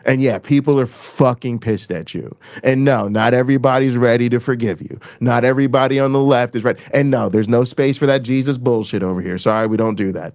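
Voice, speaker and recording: A man hosting his own channel, delivering a heated, profane political rant and repeating lines for emphasis. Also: a little mellow. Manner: swings between raised emphasis and low, dropped delivery. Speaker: channel host. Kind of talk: impassioned political rant to camera.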